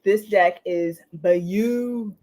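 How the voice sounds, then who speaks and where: A woman hosting a casual live stream, talking in an animated, chatty way, laughing often and tagging lines with "you know" and "okay?". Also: mid-range voice, takes it slowly. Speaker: livestream host. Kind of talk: casual livestream chat.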